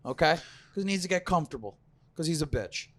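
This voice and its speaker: Dude cohost on a comedy podcast, high voice, keeps going yeah and laughing, dry mic. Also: male voice, animated, fairly quick, no echo. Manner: affirming interjections, laughs often. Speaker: podcast co-host. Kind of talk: casual banter.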